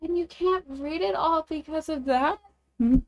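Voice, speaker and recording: A bubbly woman streamer with a somewhat high voice, reading a magic dating game aloud at an unhurried pace. She chats with her viewers in between, giggly and self-deprecating.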